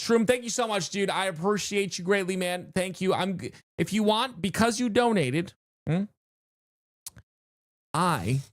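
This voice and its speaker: A streamer talking to chat in a lively, swooping voice, recorded dry and close. Excitable and chatty, this streamer jumps between thoughts and restarts sentences mid-stream. It sounds like a live game stream, addressed straight to the viewers. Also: mid-range voice, dry recording.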